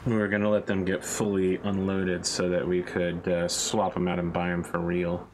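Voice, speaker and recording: A deep-voiced man hosts a game stream, tossing off jokes and tangents in loose casual chat. His talk wanders and restarts, and a faint hum sits in the background. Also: monotone, normal speed, darkish tone, low-quality recording. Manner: joking, rambling banter with restarts.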